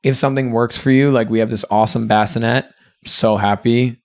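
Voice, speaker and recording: A man's voice: medium pitch, fairly even intonation, a little fast, no room sound, studio quality. A man co-hosting a podcast, talking in an earnest, reflective and chatty way with lots of fillers. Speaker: podcast co-host. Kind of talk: candid podcast conversation.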